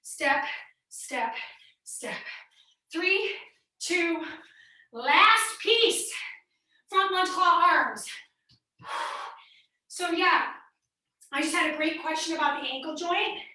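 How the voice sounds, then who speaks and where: A woman's voice: very high-pitched, lively intonation, slow, long pauses, bright, forceful tone. A woman leading a live online fitness class, counting reps and coaching form in an upbeat way. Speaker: fitness instructor. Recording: echoey room, mic at a distance.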